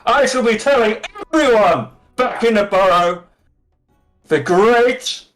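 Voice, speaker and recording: Guy doing a big show-off orc, all grand speeches, voice pushed up higher. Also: lively intonation, slow pace, a bit bright, soft background music, heavily acted, rough recording. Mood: grandiose. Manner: pompous, theatrical speech. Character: boastful large male orc adventurer, grandiose.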